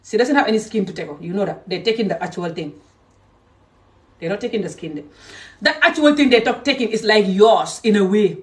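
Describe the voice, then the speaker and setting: A woman from Gambia giving an angry, emphatic rant to her followers, swinging between loud outbursts and low muttering. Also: distant mic. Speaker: social media creator. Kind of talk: angry direct-to-camera rant.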